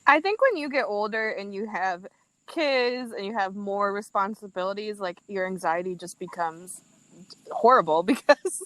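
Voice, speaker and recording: A young woman chats as a guest, telling her stories in an animated way and laughing through them. Her voice sits at an ordinary pitch, and the recording is dry and close. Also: moderate pace, no echo, poor audio. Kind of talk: casual chat.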